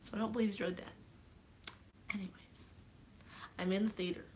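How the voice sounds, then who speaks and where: A young woman vlogging in casual chat, excitable and rambling, with frequent swearing. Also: mid-range voice, very fast, a little hiss or hum.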